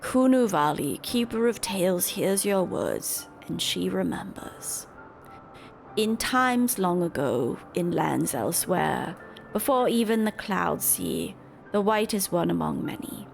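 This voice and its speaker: A woman's voice: on the low side, expressive, takes it slowly, creaky, soft background music, heavily acted. A woman voicing an old birdlike female keeper of tales, telling a legend in broken, formal speech. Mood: storytelling.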